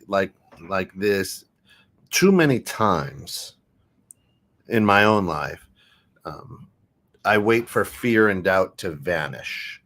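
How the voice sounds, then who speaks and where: A man's voice: low voice, fairly bright tone. A man co-hosting a podcast, talking earnestly in a casual motivational chat, often repeating words. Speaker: podcast co-host.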